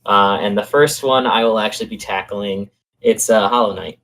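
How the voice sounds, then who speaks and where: A man's voice: on the low side, normal speed, a bit bright, rough recording. A man co-hosting a casual podcast chat, earnest and explaining his plans at length. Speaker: podcast co-host.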